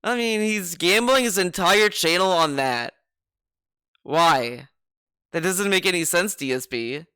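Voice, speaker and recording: A man's voice: high voice, unhurried, pushed and bright, clean tone, dry recording, studio quality. A man giving casual, sarcastic reaction commentary, rambling and repeating himself as he argues. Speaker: streamer reacting to a video.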